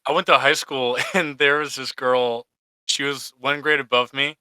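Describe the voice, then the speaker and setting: A man's voice: medium pitch, level tone, normal speed, pushed and bright, clean tone, no room sound. A young man co-hosting a podcast, telling stories casually with wry jokes. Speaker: podcast co-host. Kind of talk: casual storytelling.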